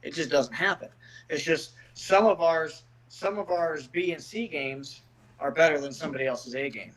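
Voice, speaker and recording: Middle-aged male podcast guest: slightly high pitch, blunt and profane, restarts his sentences. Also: moderate pace, a bit bright, poor audio. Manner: blunt, profane, repeats words when starting sentences. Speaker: guest, MMA fighter. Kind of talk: casual podcast chat.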